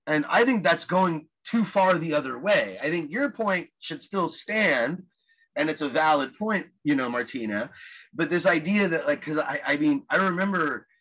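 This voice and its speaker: A man talking in a casual group discussion, halting often, restarting and repeating words as he searches for phrasing. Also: a little high, pushed and bright. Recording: dull lo-fi audio.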